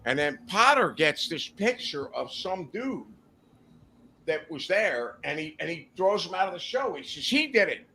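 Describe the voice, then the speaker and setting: Man, podcast guest, rambling profane anecdotes, bright tone, animated pitch. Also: a little slow, slight background noise. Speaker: podcast guest telling stories. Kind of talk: casual storytelling chat.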